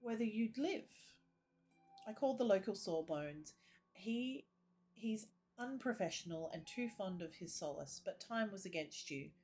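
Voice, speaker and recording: A woman voicing a kindly male priest with a gentle, lilting way of speaking, reading game dialogue aloud. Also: mid-range voice, animated, a little slow, soft background music, lightly acted.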